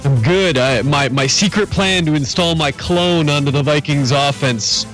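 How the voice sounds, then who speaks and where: A man's voice: on the high side, moderate pace, a bit bright, soft background music, low-quality recording. A man co-hosting a sports podcast, joking and laid-back in casual chat. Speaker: podcast co-host.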